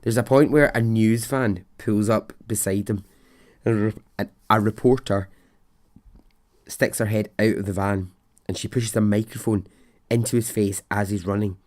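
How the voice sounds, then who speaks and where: A man hosting a podcast, telling a story in a chatty, animated way and laughing at his own tale. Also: lowish voice, normal speed. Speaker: podcast host. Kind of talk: casual storytelling.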